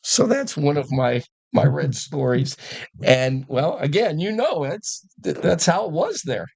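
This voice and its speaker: An older man, a former coach, telling animated stories in a casual podcast chat and acting out the quotes. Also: fairly high pitch, measured pace, gravelly, husky. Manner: animated storyteller who acts out quotes and laughs.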